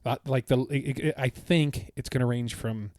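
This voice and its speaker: Guy on a podcast gushing about his trip, rambly and excited, dry sound. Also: medium pitch, moderate pace, no room sound. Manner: enthusiastic, rambling storytelling. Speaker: podcast co-host. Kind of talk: casual chat.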